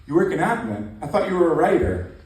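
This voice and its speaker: A man hosts a stand-up night in a loose, halting, self-mocking way, his voice a little high. He stands well back from the mic, and the club echoes heavily around him. A faint room hum sits under the talk. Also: very animated, darkish tone, far from the mic. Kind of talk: stand-up compering. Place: comedy club.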